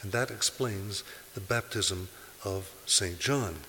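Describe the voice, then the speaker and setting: Male preacher, bright forceful tone, emphatic delivery, long hall reverb with faint hiss. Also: lowish voice, slow pace. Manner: emphatic, rising to forceful peaks when quoting scripture. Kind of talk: sermon. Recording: hissy recording in a large reverberant hall.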